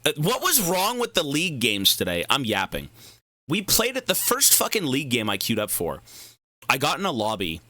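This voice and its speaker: A man's voice: medium pitch, huge pitch swings, normal speed, pushed and bright, dry recording, studio quality. A young man streaming a game, chatting casually, rambling and cursing as he goes off on side tangents. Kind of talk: casual livestream chat while gaming.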